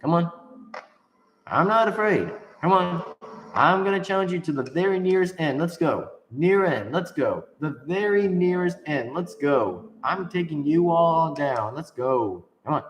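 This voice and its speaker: Man, playful rambling gaming commentary, quick laughs, fairly high voice, echoey room. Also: lively intonation. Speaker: gameplay commentator. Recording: echoey room with long reverb and faint noise.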